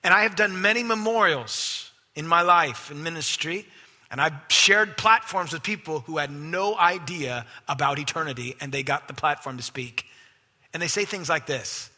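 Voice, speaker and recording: A man preaching a sermon as pastor, emphatic, swinging from loud stresses to hushed asides. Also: on the high side, normal speed. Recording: long hall reverb.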